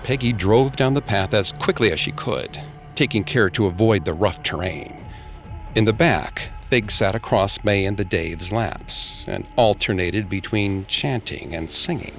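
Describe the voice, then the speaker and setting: A man narrating a scripted ghost story with a dramatic, expressive delivery. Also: lowish voice, a little slow, vocal fry, faint music behind.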